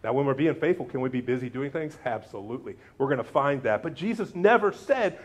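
A man's voice: a little fast, few pauses. A man preaching a sermon as pastor, acting out quotes with big jumps in his voice. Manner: animated, acts out quotes with big pitch jumps.

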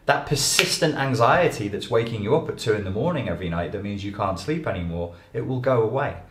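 A man giving an animated, emphatic lecture to an audience as a life coach. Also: lowish voice, fairly quick, a little hiss or hum. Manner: animated, emphatic, acts out quoted voices. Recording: echoey room.

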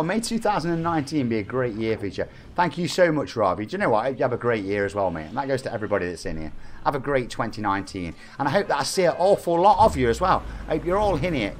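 A man's voice: medium pitch, slight background noise. A man in his forties with a Nottingham accent, chatting and bantering while streaming a game live. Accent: Nottingham English. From England. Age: 40s. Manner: chatty, reads chat aloud, jokey banter.

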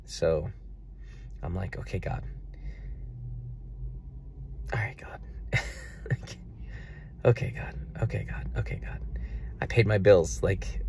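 A man's voice: low-pitched, darkish tone, a little hiss or hum. A young man talking earnestly and at length in a personal video diary about faith and money. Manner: earnest, rambling, faith-filled reflection. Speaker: vlogger.

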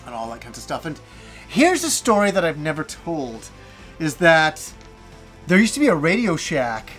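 A high-pitched man in his forties tells a rambling personal story on his gaming channel. He talks in an animated, self-mocking way and swears freely. Faint music plays behind him. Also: moderate pace. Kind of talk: casual storytelling monologue.

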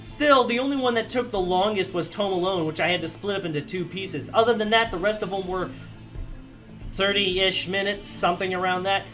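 High-voiced guy rambling through a let's play wrap-up, faint game music under him. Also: fairly quick, bright, forceful tone. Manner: rambling, self-deprecating, chatty. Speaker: gaming channel host.

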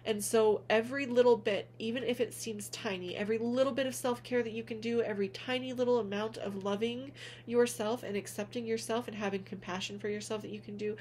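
A woman speaking gently and earnestly to her viewers in a heartfelt vlog, calling them honey as she encourages them. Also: medium pitch, slight background noise. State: tearful at moments. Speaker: spiritual vlogger, reader. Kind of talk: heartfelt direct-to-camera vlog.

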